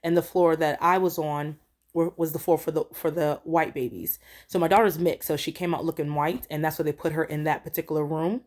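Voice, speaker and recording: Low-voiced woman telling a personal story. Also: steady tone, fairly quick, darkish tone. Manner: rambling, earnest, acts out quoted lines. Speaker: storyteller vlogger. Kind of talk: casual storytime.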